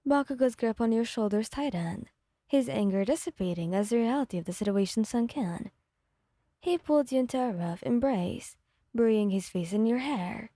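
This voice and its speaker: Woman reader for ASMR fanfic, soft steady narration, mellow dry voice. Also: on the high side, moderate pace, no room sound.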